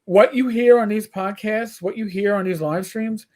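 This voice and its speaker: A man's voice: sits high, moderate pace, darkish tone. Blunt, profane New York man. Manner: blunt, profane, rambling with restarts. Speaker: podcast host. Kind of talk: casual livestream chat.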